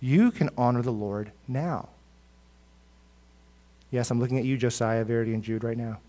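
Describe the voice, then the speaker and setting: A male pastor preaching a sermon, rising to loud emphatic peaks and dropping to soft, low asides, often repeating words as he goes. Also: moderate pace.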